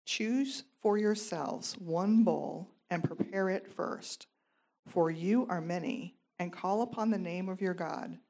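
A woman reading scripture aloud in a steady, measured way during a Bible study. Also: lowish voice, creaky. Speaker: scripture reader.

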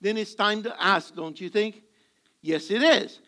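At a measured pace, a male pastor with a high, pushed, bright voice delivers a sermon. He tells amusing stories to the congregation and performs parts of the dialogue.

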